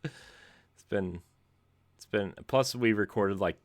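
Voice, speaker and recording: A man's voice: lowish voice, takes it slowly, no room sound. A man hosting a gaming podcast, rambling and self-deprecating with frequent laughs, tired from lack of sleep. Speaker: podcast host. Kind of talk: casual podcast chat and show plugs.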